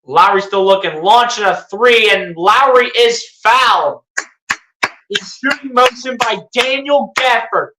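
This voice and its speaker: In a roomy, echoing space, an excitable fan calls a basketball game live, a little slowly and at medium pitch, with a bright, forward tone. Calm commentary keeps rising into sarcastic rants and pleading outbursts.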